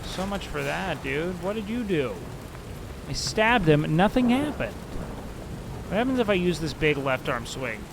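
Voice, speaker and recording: A man chatting loosely while he plays a game on stream, sarcastic and quick to swear. His voice sits high for a man and has a gravelly, fry-heavy texture. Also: very animated, very noisy. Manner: joking, sarcastic, swears freely. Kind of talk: casual gaming stream chat.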